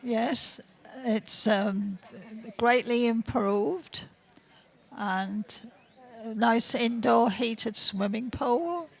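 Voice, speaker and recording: Older woman, very slow, gravelly, hesitant answers, held-out mic, large arena. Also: a little high, poor audio. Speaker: audience member, holiday park owner. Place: large indoor bowls arena.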